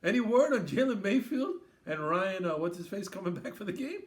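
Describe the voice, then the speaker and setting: A man's voice: high voice, very animated, a little fast. A man from Queens hosting a casual sports podcast, riffing and raising toasts. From Queens, New York. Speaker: podcast host.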